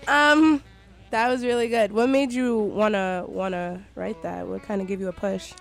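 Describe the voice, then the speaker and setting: A woman's voice: mid-range voice, fairly even intonation, normal speed, vocal fry. A woman hosting a radio talk show, joking and breezy. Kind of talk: casual banter. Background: faint jazz music.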